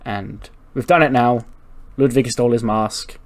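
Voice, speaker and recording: A man's voice: medium pitch, unhurried. A man hosting a gaming channel, narrating a let's-play in a rambling, casual way, swearing freely and laughing.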